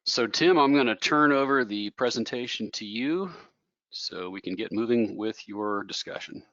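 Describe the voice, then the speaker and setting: A man's voice: medium pitch, moderate pace, fairly bright tone, dry recording, muffled recording. A man moderating a webinar, reading housekeeping notes and a speaker introduction. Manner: reads announcements and a speaker bio.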